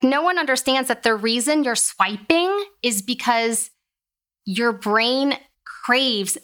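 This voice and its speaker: A woman's voice: on the high side, slow pace, smooth. Chatty woman therapist explaining. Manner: chatty, animated, acts out quoted voices. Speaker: occupational therapist guest. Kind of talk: casual podcast interview.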